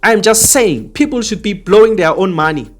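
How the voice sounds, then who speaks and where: A man's voice: high-pitched, expressive, moderate pace, soft background music. A man hosting an opinionated commentary monologue, talking earnestly and repetitively straight to his viewers. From South Africa. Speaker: commentary channel host.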